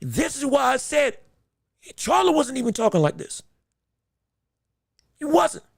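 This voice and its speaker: A man with an extremely high, sing-song voice and vocal fry hosts a boxing podcast, speaking a little slowly in a studio-quality recording with no room sound. He hammers his points emphatically, repeats himself, and often stumbles and starts over.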